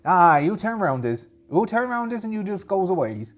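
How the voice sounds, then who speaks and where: A man's voice: high voice, very animated, normal speed, pitched above the performer's own voice. A man voicing a territorial rival pirate leader who threatens. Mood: threatening. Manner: muddled pirate dialect, threatening, repetitive.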